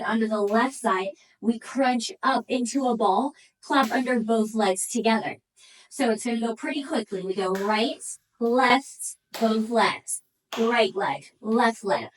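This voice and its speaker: A woman with a slightly high voice guides a pilates workout, offering encouragement and counting reps while a little breathless. The mic is distant and the audio quality is low.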